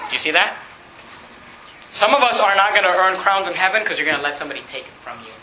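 A male pastor preaching a sermon with impassioned delivery, swinging from shouting to hushed prayer. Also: high-pitched, roomy sound, a little hiss or hum, low-quality recording.

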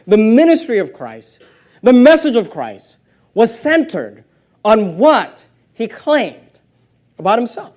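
High-voiced preacher man, emphatic. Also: sing-song, a little slow. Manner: emphatic, rising to loud stresses, reading scripture aloud; plain conversational asides between readings. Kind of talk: sermon.

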